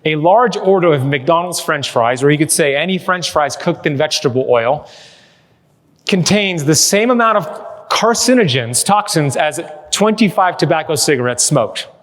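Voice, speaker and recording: A somewhat high-voiced man delivers a lively keynote to a live crowd, mixing jokes into his storytelling. His voice rings out with the long reverb of a big hall. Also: normal speed. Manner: energetic, joking storyteller. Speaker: keynote speaker. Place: large hall with live audience.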